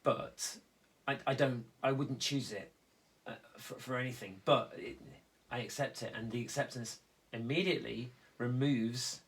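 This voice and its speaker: A man speaking earnestly in a reflective conversation, halting and restarting as he explains how he copes with loss. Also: medium pitch. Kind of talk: reflective conversation about grief.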